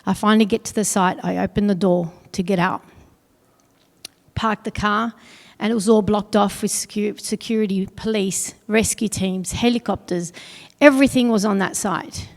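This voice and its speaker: A middle-aged woman telling a personal story on stage at an awards event, earnest and pausing heavily. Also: medium pitch, steady tone. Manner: earnest, heavy pauses, quotes others in dialogue. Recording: long hall reverb.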